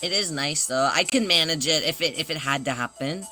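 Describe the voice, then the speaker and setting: A man's voice: fairly high pitch, fairly quick, faint music behind. A man chatting casually on a livestream, rambling and self-conscious, greeting viewers as they arrive. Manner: greets chat members warmly.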